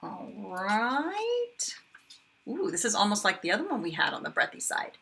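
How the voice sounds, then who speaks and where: A kindergarten teacher, a woman, sounding out words slowly and with exaggeration for young children in a phonics lesson. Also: mid-range voice, huge pitch swings, vocal fry, fairly bright tone, a little hiss or hum.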